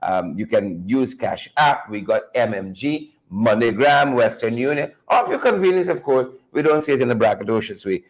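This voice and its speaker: A man's voice: mid-range voice, lively intonation, normal speed, hardly any pauses, low-quality recording. A man hosting a live morning show, greeting viewers by name and repeating his phrases upbeat.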